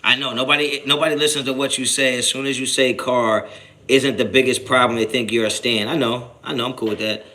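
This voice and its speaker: With a mid-range voice and brisk delivery, this New Jersey sports channel host reads his live chat and answers back. His talk is animated and full of slang and swearing, repetitive with frequent restarts, and it flares into shouting whenever he gets annoyed.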